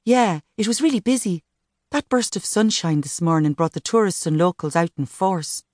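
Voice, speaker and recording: A woman's voice: on the low side, normal speed, darkish tone, dry recording, studio quality, close to an everyday voice. A woman voicing a good-humoured young woman who teases her best friend in a wry way.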